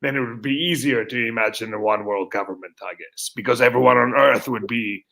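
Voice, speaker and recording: A man's voice: mid-range voice, brisk, creaky, sharp tone. A man co-hosting a casual podcast, rambling and hesitant as he searches for words. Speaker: podcast co-host. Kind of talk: casual chat.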